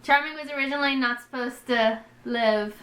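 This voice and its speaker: A young woman in her twenties chatting in a rambling, excitable, self-deprecating way as she reviews a TV episode on a vlog. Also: high-pitched, moderate pace, roomy sound. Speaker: vlogger. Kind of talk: casual TV episode review chat.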